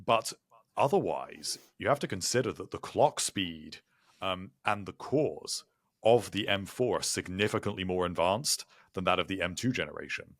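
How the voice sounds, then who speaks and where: A man with a very deep voice, calmly explaining hardware details as a podcast co-host. His delivery is measured and informative. The recording is dry and close. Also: dry recording. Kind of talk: casual tech chat.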